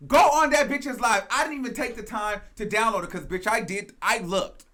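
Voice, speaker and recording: A man's voice: high-pitched, moderate pace, pushed and bright. A man hosting a gossip commentary show, ranting in a sassy, profane, emphatic way and repeating phrases for emphasis.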